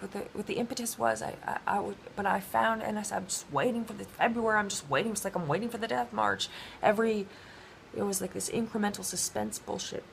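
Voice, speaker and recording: A woman talking in a rambling personal monologue, halting with many restarts and fillers. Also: medium pitch, vocal fry, slight background noise.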